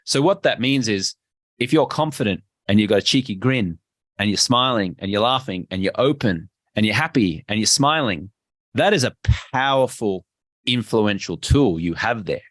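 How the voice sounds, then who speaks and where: A man's voice: fairly low pitch, animated, normal speed, a bit bright, no echo, studio quality. A man with an Australian accent, a podcast guest and health coach, talking emphatically and acting out little dialogues. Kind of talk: energetic interview talk.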